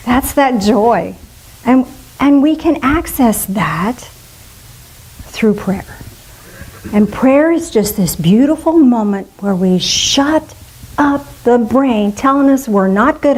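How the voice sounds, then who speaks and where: A woman's voice: mid-range voice, a little mellow, breathy edge, poor audio. A middle-aged woman minister giving a spiritual talk to a congregation, playful and musing aloud with asides.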